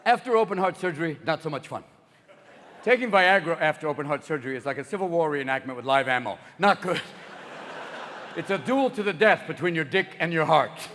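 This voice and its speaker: A man doing stand-up on stage, riffing manically and breaking into sudden shouts. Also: a little high, fairly quick, big-room sound, a little hiss or hum. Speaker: stand-up comedian. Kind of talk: stand-up routine. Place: large venue with live audience.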